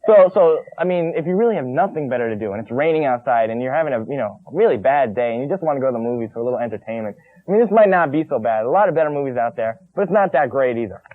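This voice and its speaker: A male co-host reviewing a movie, quick and enthusiastic, insisting on his opinion. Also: mid-range voice, animated. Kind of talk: casual movie review chat. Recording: tinny lo-fi 1980s TV broadcast.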